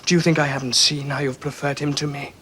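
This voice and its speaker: A man's voice: fairly high pitch, level tone, fast, pushed and bright, a little hiss or hum. An actor playing a resentful young prince who confronts his father in a 1970s television period drama, bitter and pleading. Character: young male prince, resentful, wounded son. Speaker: emperor's son.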